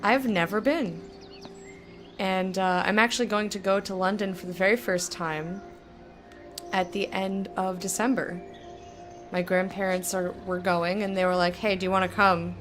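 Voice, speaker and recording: A young woman casually commenting while playing a video game, chatty and thinking aloud, with sudden bursts of excitement. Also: mid-range voice, unhurried, soft background music. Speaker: let's play streamer.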